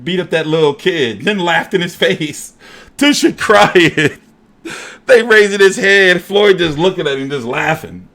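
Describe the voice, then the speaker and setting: A man hosting a casual boxing show, talking in an animated, profane, jokey way. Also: sits high, normal speed, few pauses.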